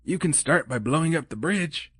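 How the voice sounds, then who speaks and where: A man voicing Mrs. Claus in an audiobook, a cheerful, encouraging older woman with a brisk manner. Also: on the high side, lively intonation, a bit bright, slightly rough, no echo, voice pushed up. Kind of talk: audiobook character voice.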